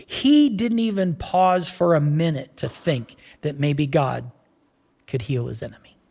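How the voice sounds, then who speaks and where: A man preaching a casual sermon, telling the story with animated voices and quick asides. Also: on the high side, gravelly, big-room sound. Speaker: pastor.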